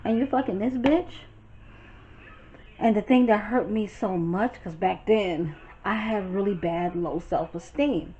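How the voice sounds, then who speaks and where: Animated New woman telling stories. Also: medium pitch, measured pace, lo-fi sound. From Brooklyn, New York. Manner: animated, profane, chatty, talks straight to viewers. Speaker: storytime vlogger. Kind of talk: casual storytelling.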